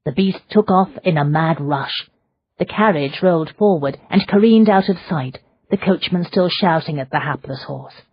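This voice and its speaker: Low husky woman narrating an audiobook. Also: no room sound, dull audio. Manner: measured, dramatic storytelling. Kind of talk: scripted narration.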